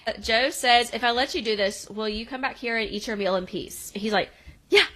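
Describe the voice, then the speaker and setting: A woman co-hosting a podcast, casually recapping a TV episode and acting out the characters' lines in quick voices. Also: fairly high pitch, a bit bright, low-quality recording. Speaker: podcast co-host.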